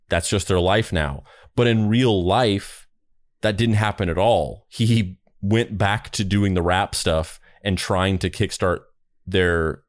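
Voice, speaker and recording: Low-voiced man chatting on a podcast. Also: clean tone, no echo, studio quality. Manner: rambling with frequent restarts. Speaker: podcast co-host. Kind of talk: casual discussion.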